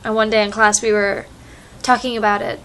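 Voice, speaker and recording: A woman's voice: mid-range voice, level tone, a little fast, fairly bright tone. A young American woman chatting casually in a vlog, rambling with lots of fillers, recorded on a phone. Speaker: vlogger. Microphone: phone microphone.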